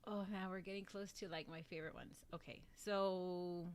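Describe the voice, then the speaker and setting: A woman's voice: on the low side, fairly even intonation, moderate pace, smooth. A woman hosting a casual livestream, gushing about favorite voice actors in a rambling way, with lots of "like". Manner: gushing and rambling, heavy use of "like". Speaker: livestream host.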